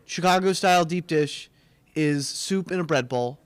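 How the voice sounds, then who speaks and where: A young man hosting a casual live student TV segment, joking and mock-pompous with quick asides. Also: on the high side, clear, resonant tone, no room sound. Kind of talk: casual live-stream banter. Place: small studio room.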